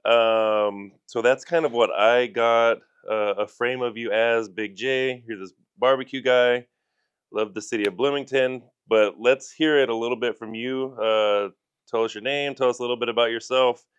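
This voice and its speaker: A man's voice: medium pitch, steady tone, moderate pace, clear, resonant tone, highs cut off. A man hosting a casual interview podcast, asking easygoing, friendly questions. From Southern California. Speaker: podcast host.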